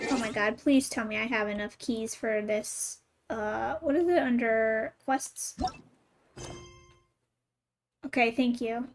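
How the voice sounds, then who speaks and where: Giggly high-voiced woman streamer. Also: slow pace, long pauses, slight background noise. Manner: giggly, amused asides. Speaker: game streamer. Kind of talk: casual chat and reading a story aloud.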